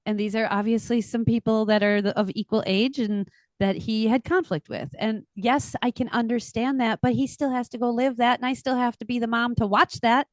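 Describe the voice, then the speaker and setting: A middle-aged woman, an astrologer and podcast co-host, chatting casually and telling stories in an animated way, laughing often. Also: on the high side, fairly quick, no room sound, studio quality. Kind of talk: casual chat.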